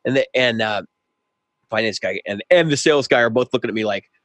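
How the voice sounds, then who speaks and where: A man's voice: medium pitch, fairly quick, a bit bright, dry recording. A man co-hosting a podcast who tells a long story in casual chat and acts out both sides of a heated exchange. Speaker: podcast co-host.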